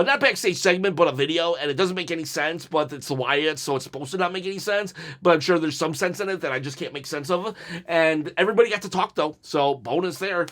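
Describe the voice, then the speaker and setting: A man with a fairly high voice chatters through a wrestling review. He is jittery from caffeine and rambles with jokey asides and bursts of laughter. The talk is loose and excitable, never scripted. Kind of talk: casual solo review talk.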